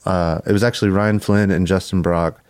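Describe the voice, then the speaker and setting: A man in his forties from Buffalo, New York, talks as a podcast guest in a low, relaxed voice. He rambles loosely through his stories with plenty of fillers. The sound is dry and close. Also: a little fast, clean tone, no echo. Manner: laid-back, rambling, lots of fillers. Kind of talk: casual storytelling.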